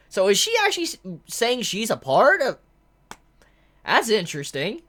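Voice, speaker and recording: A manga reviewer reacting aloud while reading a chapter, thinking out loud, restarting sentences and breaking into delighted shouts. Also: mid-range voice, wildly swooping pitch, normal speed.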